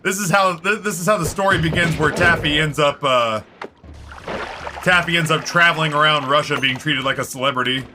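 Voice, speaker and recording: A man's voice: on the high side, a little fast. A man streaming a game, telling rambling stories in a casual, swearing way. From Canada. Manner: rambling, swearing, animated quoted voices. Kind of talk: casual storytelling while gaming. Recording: faint music behind.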